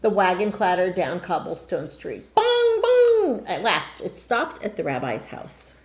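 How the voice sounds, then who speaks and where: A woman's voice: on the low side, expressive, normal speed. A woman reading a picture book aloud as a storyteller, stopping now and then to explain words to her listeners.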